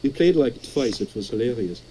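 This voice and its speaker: A man's voice: medium pitch, expressive, brisk, warm tone, a little hiss or hum, poor audio. A man calling in to chat, stammering and repeating words as he tells stories. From Canada. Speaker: caller. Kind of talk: casual chat.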